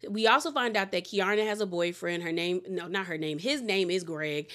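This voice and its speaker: A woman from the Washington DC area giving a chatty, opinionated recap of a reality show, her pitch jumping up when she gets excited. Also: normal speed. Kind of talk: casual recap commentary.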